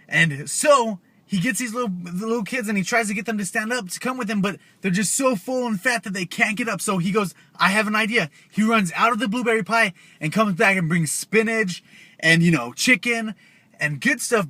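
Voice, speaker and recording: A man's voice: high-pitched, sharp tone, dry recording. A young man telling a scary story casually to his viewers, loose and chatty with slang asides. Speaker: YouTuber.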